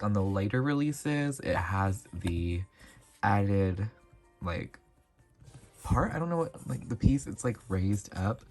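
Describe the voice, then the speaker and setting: Low-voiced chatty doll reviewer. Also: a little mellow. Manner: chatty, rambling with frequent asides. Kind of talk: casual product review.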